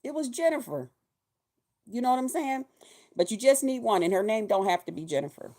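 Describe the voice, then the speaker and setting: A woman in her fifties talking casually in a vlog, animated and profane, laughing often. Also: fairly high pitch, a little fast. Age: 50s. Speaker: vlogger.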